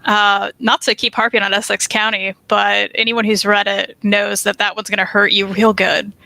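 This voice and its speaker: A woman co-hosting a casual podcast, relaxed and enthusiastic, laughing softly. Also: medium pitch, moderate pace, vocal fry, no room sound.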